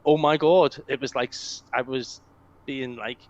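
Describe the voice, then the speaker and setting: A man's voice: mid-range voice, a little slow. A man co-hosting a casual gaming podcast, telling stories about games with enthusiasm. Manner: enthusiastic, animated storytelling. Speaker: podcast co-host. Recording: slightly dull lo-fi audio.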